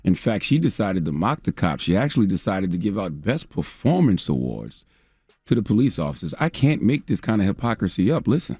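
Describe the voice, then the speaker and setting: A male radio host gives a biting, sarcastic commentary, pushing his pitch up for the punchlines. His voice sits low and dry, recorded close in a studio with no room sound. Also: sing-song, a little fast, mellow, breathy edge, no room sound. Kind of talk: opinion commentary segment.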